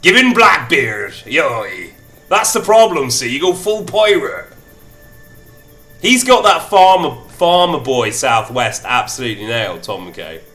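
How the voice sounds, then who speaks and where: A man's voice: medium pitch, big pitch swings, a little slow, a bit bright, soft background music. A man streaming a strategy game, chatting playfully and reading event text aloud in shifting mock accents.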